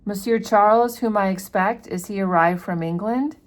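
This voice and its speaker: A woman's voice: mid-range voice, normal speed, pitched above the performer's own voice, natural voice. A woman voicing a cold, arrogant male marquis who answers in a sarcastic, dismissive way, read from a classic novel.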